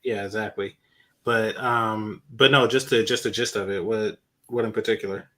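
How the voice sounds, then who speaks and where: A man who is a guest on a casual podcast, talking in a hesitant, halting way with many fillers. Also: fairly low pitch, fairly even intonation, sharp tone. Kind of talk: casual chat.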